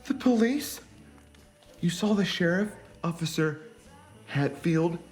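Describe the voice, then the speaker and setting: An actor playing a grumpy, nervous, defeatist husband in a horror comedy film, with sarcastic, whiny remarks. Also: male voice, sits high, lively intonation, slow, soft background music.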